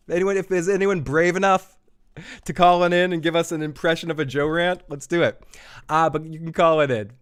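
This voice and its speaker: A man's voice: a little high, fairly even intonation, brisk, smooth. A man hosting a live podcast, loose and jokey, laughing often and tripping over his words. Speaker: podcast host.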